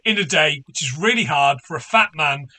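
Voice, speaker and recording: A man speaks with a high, bright tone. He makes an earnest appeal, swearing casually and filling pauses with plenty of ums. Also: lively intonation. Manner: earnest and sweary, with many fillers. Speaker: guest podcaster. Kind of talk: casual chat, charity appeal.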